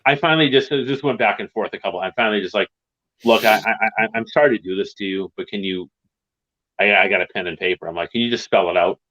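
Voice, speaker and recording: A man in his fifties from Massachusetts, with a deep, low-pitched voice on a dull, muffled line. He tells a rambling story in casual chat and keeps tagging his lines with "right?". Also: quick pace, bright, forceful tone.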